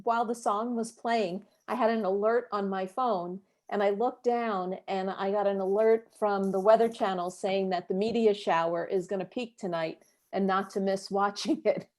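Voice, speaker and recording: A woman's voice: medium pitch, fairly even intonation, normal speed, a little mellow. A woman taking part in an online meeting, chatting politely and laughing lightly. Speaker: meeting participant.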